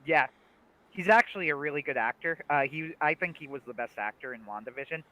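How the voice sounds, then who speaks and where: A young man casually chatting on a livestream about a TV series, animated, laughing often and restarting his sentences. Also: a little high, brisk, crowd noise, poor audio. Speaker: livestream co-host.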